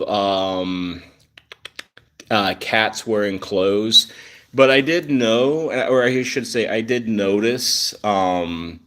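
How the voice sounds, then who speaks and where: A man hosting a casual live stream about his rescue cats, rambling with lots of fillers as he answers viewer comments. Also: medium pitch. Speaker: cat channel host.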